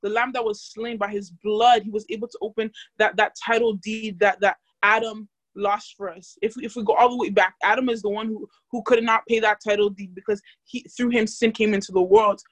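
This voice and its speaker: A woman's voice: mid-range voice, fairly even intonation, fairly quick, few pauses, no room sound. A young woman casually teaching a Bible study, chatty and full of fillers, asking the group questions.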